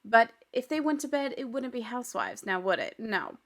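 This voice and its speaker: A woman's voice: fairly high pitch, lively intonation, normal speed, vocal fry, a bit bright. A woman hosting a casual TV recap podcast, chatty and gossipy, often breaking into laughter. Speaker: podcast host.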